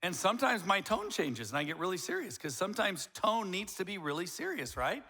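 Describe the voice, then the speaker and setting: Middle-aged male pastor, animated sermon delivery, bright tone. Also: sits high, fairly quick, gravelly. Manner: animated, acts out quoted voices.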